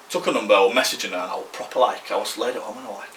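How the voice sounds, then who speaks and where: A man's voice: fairly low pitch, rapid-fire, few pauses, fairly bright tone, roomy sound, distant mic, slight background noise. A man, telling a rambling story on a podcast, slangy and swearing freely. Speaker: podcast co-host. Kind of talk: casual storytelling.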